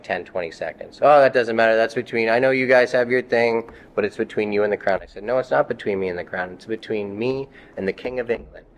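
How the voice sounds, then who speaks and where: A man telling, in casual heated speech laced with swearing, how an encounter with police unfolded. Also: lowish voice. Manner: profane, heated, quotes others in his telling. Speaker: interviewee recounting an arrest. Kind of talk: casual storytelling.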